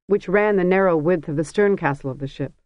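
An audiobook narrator reading a fantasy story in a measured, even storytelling manner. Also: medium pitch, no echo. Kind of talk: scripted narration. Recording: dry, dull lo-fi recording.

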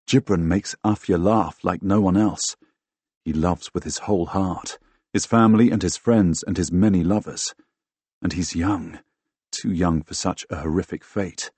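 A man narrating a first-person fantasy audiobook in a dramatic, expressive way, recorded close on a studio microphone. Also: low voice, breathy edge, no echo. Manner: dramatic, expressive, bursts into loud shouts in dialogue.

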